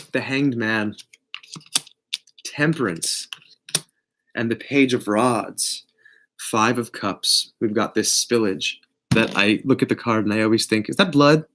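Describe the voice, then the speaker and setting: A man giving a casual live tarot reading, blunt and profane, with big swings in pitch and loudness. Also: noisy background. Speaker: tarot reader.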